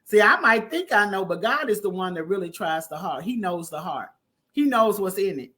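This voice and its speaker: A woman preaching a conversational sermon, calling listeners honey and baby and breaking into loud emphatic bursts. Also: mid-range voice, a little fast. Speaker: prophetess preaching online.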